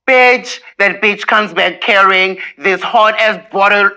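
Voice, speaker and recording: A man's voice: high voice, takes it slowly, sharp tone, clean tone, rough recording. A man recounting a personal story in a gossipy, profane way, with bursts of laughter.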